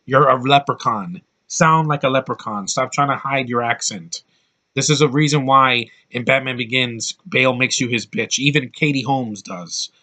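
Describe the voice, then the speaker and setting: A man's voice: medium pitch, moderate pace, sharp tone. A man giving a casual, rambling film review with blunt opinions and lots of restarts.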